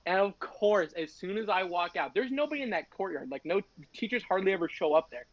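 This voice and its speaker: Profane, animated young male storyteller. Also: high voice, brisk, no room sound. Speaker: podcast host. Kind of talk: casual storytelling. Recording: dry, slightly dull podcast audio.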